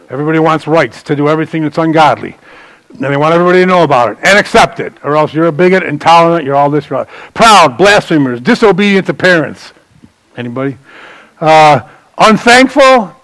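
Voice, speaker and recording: A man preaching a sermon in a loose, conversational way, bantering with the congregation and swinging from loud emphasis to quiet asides. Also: a little high, creaky, no echo, poor audio. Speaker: pastor.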